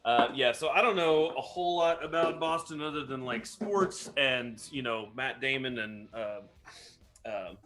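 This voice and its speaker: A man's voice: mid-range voice, unhurried, a bit bright, faint music behind. A man co-hosting a casual live stream, rambling and joking at himself as he explains a cocktail. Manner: rambling, self-mocking explanations. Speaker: co-host mixing cocktails.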